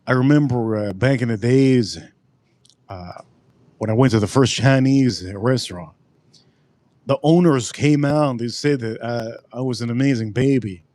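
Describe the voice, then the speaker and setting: A man hosting a casual livestream drink review, rambling and joking with sudden animated outbursts. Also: mid-range voice, moderate pace. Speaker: livestream host.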